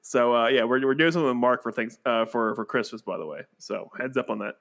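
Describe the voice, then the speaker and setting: A man's voice: medium pitch, fast talker, vocal fry, fairly bright tone. A man with a Texan accent, co-hosting a podcast, chatting casually with lots of restarts and fillers. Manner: rambling, many restarts and fillers. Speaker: podcast co-host. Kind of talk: casual chat.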